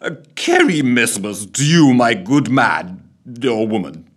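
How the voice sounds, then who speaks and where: A man voicing a drunken, slurring man in a Father Christmas costume, with a husky voice. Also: medium pitch, very animated, takes it slowly, fairly bright tone, heavily acted. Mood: tipsy. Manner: slurred, unsteady.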